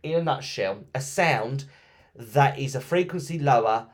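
A man's voice: medium pitch, unhurried. Chatty man telling ghost stories. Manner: chatty, lively retelling with many ums and restarts. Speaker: podcast host. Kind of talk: casual storytelling podcast.

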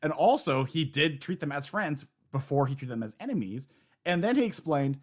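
A man casually discussing anime on a podcast, lively and laughing often. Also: fairly high pitch, normal speed. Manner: animated, laughs often, acts out quotes.

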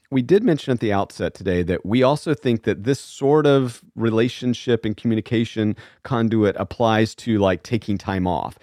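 A man's voice: lowish voice, no echo, studio quality. A man co-hosting a podcast in casual chat, telling stories and acting out quotes with animation. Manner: animated, storytelling with acted-out quotes. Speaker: podcast co-host.

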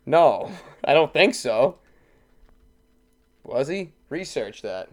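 A man's voice: medium pitch, very animated. Crude, jokey male podcast co-host. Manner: crude, jokey, quick to laugh. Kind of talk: casual chat.

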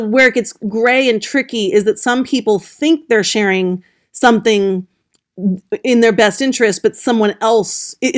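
A woman journalist, a guest on a podcast, explaining in a gentle way with frequent restarts. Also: mid-range voice. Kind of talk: podcast interview.

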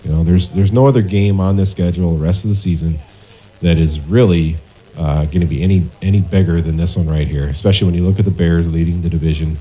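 A man with a very deep, mellow voice talks earnestly as a guest in a bar chat. He repeats and restarts his words as he goes. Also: fairly even intonation, quick pace, rough recording. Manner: earnest, hesitant sports talk. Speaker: guest, fan group founder. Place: tavern.

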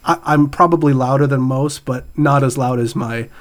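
Speaking at normal speed in a mid-range voice with fairly even intonation, this middle-aged man hosts a laid-back podcast. Would-you-rather questions get read aloud between his frequent laughs.

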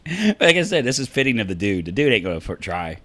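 A man's voice: mid-range voice, very animated, fast, fairly bright tone. A man co-hosting a podcast in casual chat, laughing often and acting out movie lines as he retells them. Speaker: podcast co-host.

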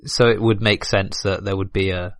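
A man's voice: low voice, flat delivery, moderate pace, no room sound, clean studio sound. A man who is a podcast guest, chatting casually and rambling, laughing often as he talks.

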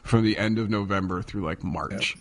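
A man from Erie, Pennsylvania, in a casual podcast chat, telling lively anecdotes. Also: fairly low pitch, normal speed, gravelly. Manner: animated storyteller.

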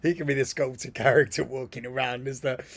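A man co-hosting a casual podcast chat, eagerly pitching ideas. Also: fairly even intonation, fairly quick. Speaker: podcast co-host.

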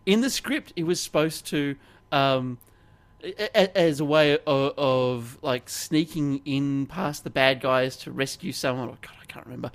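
A podcast co-host with a medium-pitched voice and a measured pace rambles through a casual chat, restarting often, interrupting himself, and laughing frequently.

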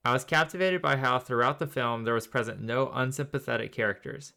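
Here the co-host speaks briskly in a mid-range voice that's gravelly, pushed and bright. He rambles thoughtfully through a casual faith-and-film podcast chat, leaning heavily on filler words.

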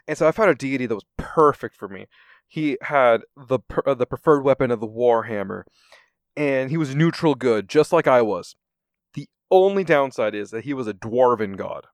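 A man casually telling a tabletop game story in an animated way, acting out the quotes and laughing often. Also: mid-range voice, normal speed, dry recording.

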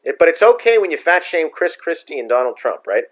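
A man's voice: on the high side, big pitch swings, brisk. A middle-aged man co-hosting a casual political chat, opinionated and blunt, ranting in long runs. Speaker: podcast co-host.

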